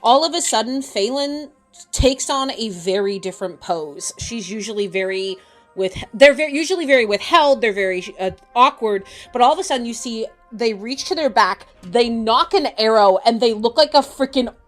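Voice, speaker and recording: A woman's voice: fairly high pitch, animated, normal speed, a bit bright, soft background music. A woman player describing her character's actions with enthusiasm. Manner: enthusiastic, giggly.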